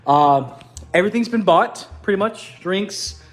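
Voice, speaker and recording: A young man giving a casual video diary update, excited and rambling with lots of fillers and restarts. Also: sits high, a little slow, soft background music. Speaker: vlogger planning a party.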